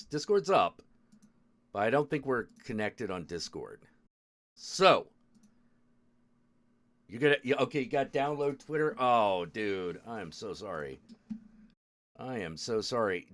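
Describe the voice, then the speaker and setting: Male stream host, casual, frustrated, swears at tech, very animated pitch. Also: unhurried, long pauses. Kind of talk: casual live-stream chat.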